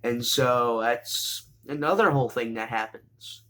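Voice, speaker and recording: A man casually recapping an anime, rambling with lots of fillers and restarts and bursts of excitement. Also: medium pitch, unhurried, hardly any pauses, faint music behind.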